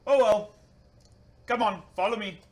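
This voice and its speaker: A man voicing a gruff adult male teacher who hunts monsters, talking offhand and practical, close to his own voice. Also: on the high side, a little slow, fairly bright tone. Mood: matter-of-fact. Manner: offhand, practical instructor talk.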